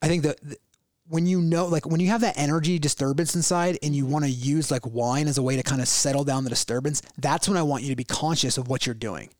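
Guy co-hosting a chill talk, kinda high voice, earnest, keeps restarting, dry close sound. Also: fast, darkish tone, no room sound. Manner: earnest, explains with everyday examples, many restarts. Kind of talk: casual conversational chat.

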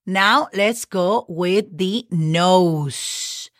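A woman's voice: mid-range voice, expressive, unhurried, fairly bright tone, no room sound, studio quality. A woman hosting a podcast lesson who patiently spells out words letter by letter, often checking in with "okay?". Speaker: Spanish teacher and podcast host.

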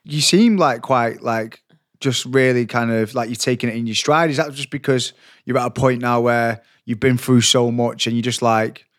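A man's voice: medium pitch, moderate pace, dry recording, studio quality. A young man hosting an interview, talking casually with lots of "like" fillers. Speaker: podcast host. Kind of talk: conversational interview.

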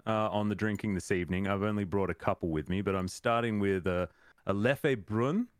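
A man's voice: low-pitched, steady tone, quick pace, smooth, no room sound, studio quality. Man with a faded Australian accent. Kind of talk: casual chat on a live stream.

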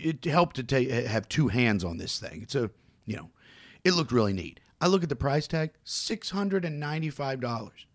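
A man co-hosting a podcast, telling a shopping story in a casual, animated way and acting out what other people said. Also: medium pitch, normal speed, no room sound. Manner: animated anecdote teller, mimics other people. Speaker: co-host.

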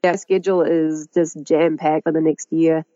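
A middle-aged woman with a New Zealand accent, a guest who talks about her work in a lively, chatty way and laughs often. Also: sits low, moderate pace, dry recording, muffled recording. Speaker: guest, agroecologist and author. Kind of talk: conversational interview.

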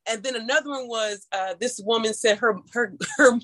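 A woman from St. Louis with a St. Louis accent, telling stories in casual chat, animated and laughing, with big leaps in pitch. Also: normal speed, low-quality recording. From St. Louis, USA. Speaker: storyteller guest.

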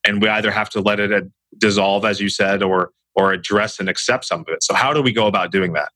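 A man's voice: fairly low pitch, steady tone, fast talker, pushed and bright, no room sound. A man hosting a podcast interview, asking thoughtful questions. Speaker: podcast host.

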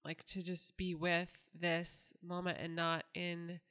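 A woman's voice: lowish voice, completely flat delivery, takes it slowly, a bit bright, clean tone. A woman hosting an interview, asking supportive, rambling questions with frequent restarts. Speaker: host. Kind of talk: interview conversation.

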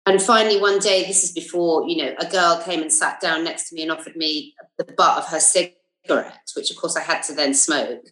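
A woman's voice: low-pitched, a little fast. A middle-aged woman from England with a southern English accent, a comedian and actress telling school stories as a podcast guest. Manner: lively storyteller with many fillers and asides. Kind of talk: casual interview anecdotes. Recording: roomy echo.

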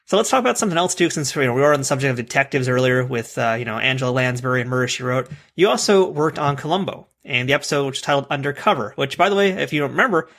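A man's voice: medium pitch, lively intonation, racing, few pauses, fairly bright tone. A man hosting an interview podcast, casual and enthusiastic as he sets up questions. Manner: enthusiastic, conversational. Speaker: podcast host.

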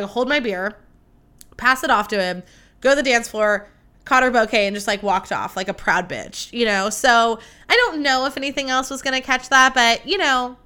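A woman's voice: on the high side, pushed and bright, clean tone. A young woman from the United States hosting a podcast in a casual, chatty way, swearing freely, peppering her talk with likes and poking fun at herself. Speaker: podcast host. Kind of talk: casual chat.

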